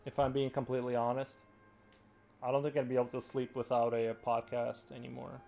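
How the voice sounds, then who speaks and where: A man's voice: mid-range voice, monotone, brisk, creaky, a little mellow, soft background music. An American man with a standard accent, chatting casually and joking while he draws during a live stream. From United States. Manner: rambling, joking, reading chat aloud. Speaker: livestream artist.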